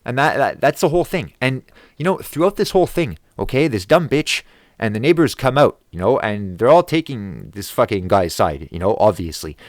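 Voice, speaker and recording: A man's voice: on the low side, big pitch swings, normal speed, no echo, clean studio sound. A man telling an angry story to camera in a heavily profane, heated rant. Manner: grows loud and agitated. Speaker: vlogger.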